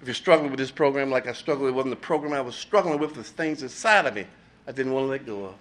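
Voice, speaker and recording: A middle-aged man giving a blunt, profane, animated speaker share at a recovery meeting, laughing between lines. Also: medium pitch, fast. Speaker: recovering addict sharing at a meeting.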